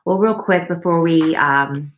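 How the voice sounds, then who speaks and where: A woman's voice: fairly low pitch, unhurried, roomy sound, muffled recording, a little hiss or hum. A woman co-hosting a podcast, reading listener mail in a chatty, enthusiastic way. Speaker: podcast co-host.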